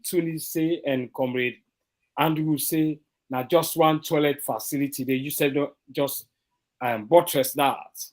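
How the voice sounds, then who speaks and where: A man's voice: fairly high pitch, a little mellow. A man with a Sierra Leonean Krio accent, speaking as a party commentator on an online political talk show, emphatic and repeating his phrases. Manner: emphatic, repetitive, restarts phrases.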